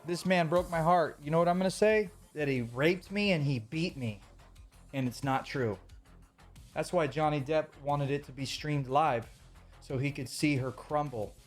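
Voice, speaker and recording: A man's voice: fairly high pitch, moderate pace, soft background music. A man in his thirties ranting heatedly during a casual livestream, swearing often. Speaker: streamer.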